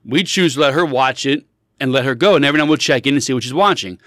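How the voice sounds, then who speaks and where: Animated man with a dry close sound. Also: medium pitch, rapid-fire, dry recording. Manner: animated storyteller, acts out quotes in shifting voices. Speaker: podcast co-host. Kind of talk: casual chat.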